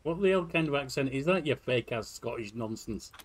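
A man's voice: medium pitch, lively intonation, brisk, slight background noise. A man with a Yorkshire accent reading his character's lines in a game playthrough, dry and mocking. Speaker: gamer voicing the player's lines. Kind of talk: casual game playthrough commentary.

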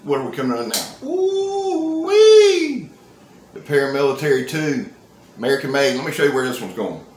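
A man, talking through a casual knife-review vlog in an excitable, folksy, joking way. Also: medium pitch, fast, a little hiss or hum. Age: 50s. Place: indoor room. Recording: roomy, echoey sound.

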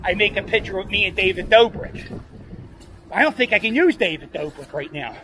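A man vlogging as he rides a bike through city streets, rambling excitedly and talking to himself. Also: high voice, a little fast. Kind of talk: casual vlog monologue while cycling. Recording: outdoor street noise with passing traffic.

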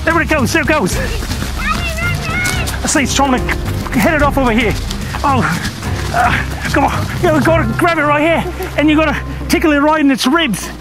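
A man putting on an Australian accent to play a fearless, excitable wildlife wrangler in his garden orchard, shouting quick exclamations. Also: extremely high pitch, music in the background, voice pushed up, exaggerated voice, poor audio. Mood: thrilled. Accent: Australian, put on. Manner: loud, breathless, fast exclamations.

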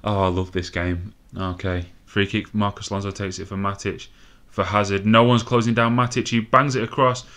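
A young man commentating a football game excitedly, nervous and swearing, with laughing bursts. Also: fairly low pitch, moderate pace, few pauses. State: out of breath. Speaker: gaming commentator.

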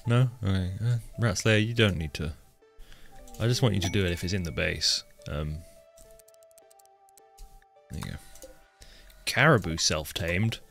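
A man with a fairly low voice chats through a live gameplay stream. He jokes and talks straight to the characters on screen. Faint music plays underneath. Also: measured pace, creaky, long pauses, fairly bright tone. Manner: chatty, joking, talks to his game characters. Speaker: game streamer.

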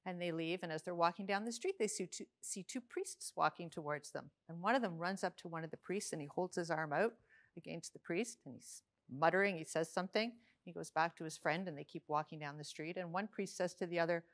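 Woman, joke teller, lowish voice, deadpan, steady. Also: fairly quick. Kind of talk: telling a joke.

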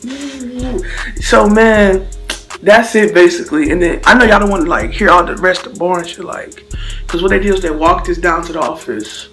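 With a high voice and a fairly quick pace, a young vlogger from Slidell, Louisiana spins an animated, slang-filled story, faint music behind him. He mimics the hits using sound effects.

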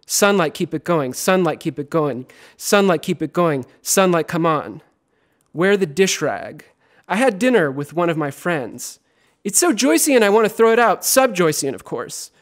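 A man performs his poems at a university reading with a high voice. His delivery is theatrical and lively, swinging from loud lines to hushed ones. He sometimes drops into chanting repeated words. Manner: chanting repetitions. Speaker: poet. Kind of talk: poetry reading.

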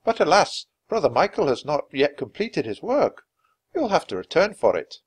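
A man's voice: a little high, very animated, moderate pace, slightly rough, voice pushed up. A man reading aloud voices an earnest, welcoming adult male monk who proudly shows visitors around.

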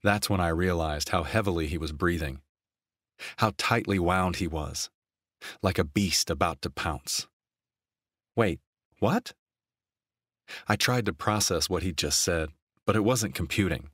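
A man narrating a romance novel in an even, steady storytelling voice on a close mic. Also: low-pitched, normal speed, dry recording. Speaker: audiobook narrator.

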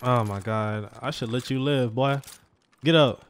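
A young man streaming a shooter game, talking casually with excitable trash talk, humming and swearing over gunfire. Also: mid-range voice, a little slow, a little hiss or hum. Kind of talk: casual gameplay commentary. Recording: game mic with loud gunfire behind. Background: game gunfire and clicks.

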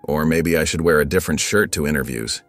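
A hopeful, studious teen boy, voiced by a man in an audio story, talking eagerly. The voice sits very deep, with soft music behind. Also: fast talker.

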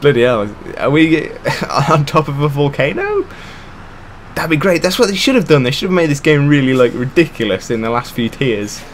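A man's voice: on the high side, big pitch swings, normal speed, slight background noise. A young man commentating on a game, sarcastic, swearing and ranting in bursts. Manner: sarcastic, ranting, swears a lot, often laughing. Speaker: gamer.

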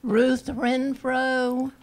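A woman in her nineties from Georgia, making slow, joking remarks as a birthday guest at a community party. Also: sits high, little pitch movement. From Georgia, USA. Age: 90s.

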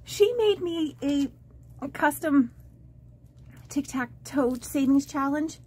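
Woman budgeting vlogger, high and unhurried, rambling with lots of ums, gushing unboxing chat. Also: lively intonation, dark tone. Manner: halting and rambling, with many fillers and restarts; gushing and easily moved. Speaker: budgeting vlogger opening fan mail. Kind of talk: casual unboxing chat to camera.

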